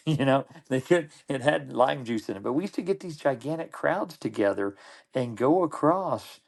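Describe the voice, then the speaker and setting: A man's voice: mid-range voice, sing-song, normal speed, creaky. A middle-aged man, a podcast guest, telling old stories in casual conversation, rambling and restarting his sentences often. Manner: rambling, with frequent restarts and repeated words. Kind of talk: casual anecdotal storytelling.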